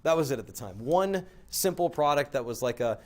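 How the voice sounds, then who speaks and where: A man's voice: mid-range voice, lively intonation, brisk. A man telling a casual, rambling story as a guest, filling his talk with "like" and "right?".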